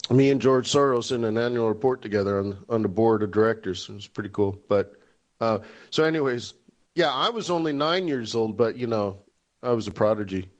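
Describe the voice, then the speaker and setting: A man's voice: lowish voice, brisk, lo-fi sound. A man in his forties hosting a live trading webinar, joking and laughing at his own jokes. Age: 40s. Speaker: forex webinar host.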